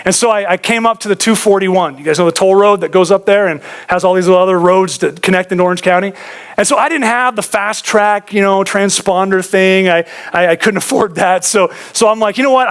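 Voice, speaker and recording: A man's voice: high-pitched, a little fast, fairly bright tone, clear, resonant tone. A man preaching a sermon as pastor in a church, talking casually to the congregation and telling stories. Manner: conversational storytelling preacher, addresses audience as guys.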